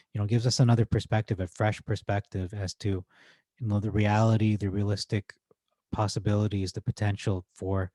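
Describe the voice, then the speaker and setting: A man hosting casual stock-market commentary, reading forum posts aloud in an excitable, rambling way with frequent self-corrections. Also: lowish voice, no echo. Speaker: host.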